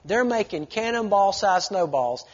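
Folksy preacher in an echoing hall. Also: male voice, sits high, a little slow, slight background noise. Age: 40s. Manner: folksy, animated storytelling, acts out voices. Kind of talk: sermon with storytelling. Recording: lo-fi recording with long hall reverb.

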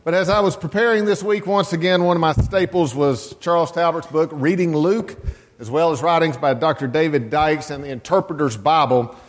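A man, the pastor, opening his sermon in a relaxed, conversational way. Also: fairly high pitch, moderate pace. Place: church sanctuary. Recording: long church reverb.

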